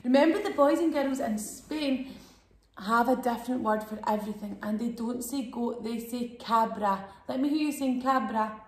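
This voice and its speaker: A woman's voice: a little high, normal speed, roomy sound. A woman telling a bilingual storybook lesson to young children, sing-song and exaggerated, prompting them to repeat words. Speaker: children's Spanish teacher and storyteller.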